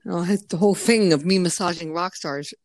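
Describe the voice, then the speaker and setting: American woman, casual chat, lively and profane, slightly low voice, dry close sound. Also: no echo. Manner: animated, profane, quick to act out quotes. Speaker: massage therapist.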